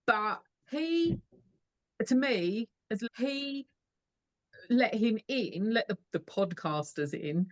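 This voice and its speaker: A woman, a podcast guest, retelling film scenes in a long, rambling, animated way. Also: on the high side, takes it slowly, lo-fi sound. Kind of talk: casual podcast chat.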